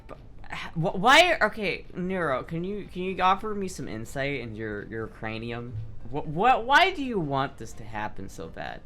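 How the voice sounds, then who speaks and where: A young man livestreaming, chatting casually and reading chat aloud in a loose, profane, animated way. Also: fairly high pitch, moderate pace. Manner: loose, profane, animated, with frequent restarts and laughs. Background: faint background music.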